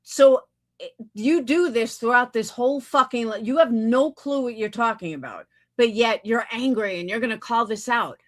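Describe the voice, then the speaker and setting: A woman's voice: a little high, moderate pace. A woman hosting a livestream, talking back in a blunt, sarcastic and profane way. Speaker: livestream host. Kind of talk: casual livestream commentary.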